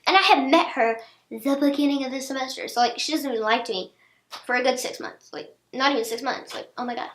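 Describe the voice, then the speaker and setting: A teenage girl telling a storytime vlog in casual chat, animated, acting out what others said. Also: high voice, fairly quick. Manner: chatty, animated, acts out quotes of others. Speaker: vlogger. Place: indoor room, seated on a chair. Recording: echoey room.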